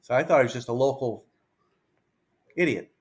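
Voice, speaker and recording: A man in his fifties, a pitching coach telling a story in an interview, lively and anecdotal, acting out bits of dialogue. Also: moderate pace, slight background noise.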